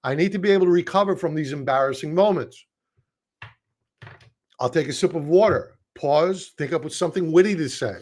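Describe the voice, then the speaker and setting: A man's voice: on the high side, brisk, a little mellow. A man with a Brooklyn accent giving casual, chatty stock market commentary, joking at his own expense. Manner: chatty, self-deprecating, wordy restarts. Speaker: market analyst.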